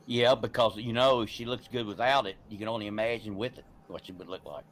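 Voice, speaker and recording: A man's voice: on the low side, fairly even intonation, quick pace, a bit bright, a little hiss or hum. A man chatting casually with friends, sharing movie trivia and laughing at his own impressions. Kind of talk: casual chat.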